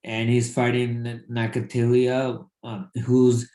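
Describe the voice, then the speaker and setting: A man chatting casually about boxing as a podcast co-host. He talks haltingly, with plenty of ums and restarts. His voice sits at a middling pitch and rings in an echoey room. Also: completely flat delivery, warm tone. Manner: halting, many fillers and restarts. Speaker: podcast co-host, former boxer. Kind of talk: casual sports chat.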